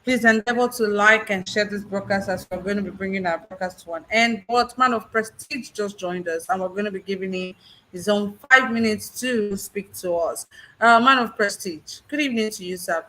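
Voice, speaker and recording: A man's voice: high-pitched, normal speed, pushed and bright, poor audio. A man hosting a live audio broadcast, politely and formally introducing a caller. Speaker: live stream host.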